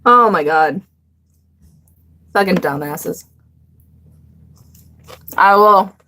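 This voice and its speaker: Young mom streaming live, blunt and sweary, laughs a lot, just chatting. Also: female voice, fairly low pitch, drawn-out words, sharp tone. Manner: blunt and profane, laughs often. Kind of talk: casual live-stream chat.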